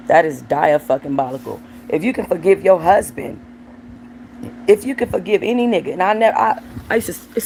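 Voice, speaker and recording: A woman's voice: low voice, gravelly, darkish tone, a little hiss or hum, low-quality recording. A woman hosting a livestream, giving blunt, profane commentary on viewer comments and talking aside to her dog. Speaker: livestream host.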